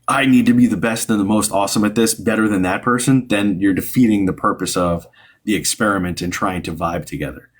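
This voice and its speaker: A man with a lowish voice hosts a live stream as a psychic medium, giving a caller upbeat, rambling advice full of fillers and restarts.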